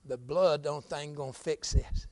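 A man preaching a fiery, folksy sermon, dropping to low murmurs and climbing to shouts. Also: fairly even intonation, moderate pace, no echo.

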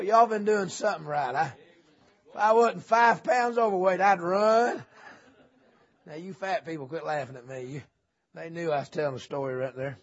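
Husky, high-voiced man preaching a revival sermon in a church. He jokes in low folksy asides and then climbs into shouting. The recording is dull and lo-fi. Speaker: visiting preacher. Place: church sanctuary.

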